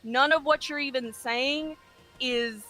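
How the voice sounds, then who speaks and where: A woman's voice: high voice, slow pace, sharp tone, soft background music. A woman with a Southern US accent, debating combatively on a podcast, talking down to others and swearing. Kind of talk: heated online debate.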